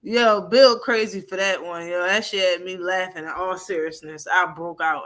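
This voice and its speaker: Woman on her live boxing stream, crisp bright voice, cussing and cracking up, talking to chat. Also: mid-range voice, normal speed. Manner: loose, profane, laughs often, talks back to chat.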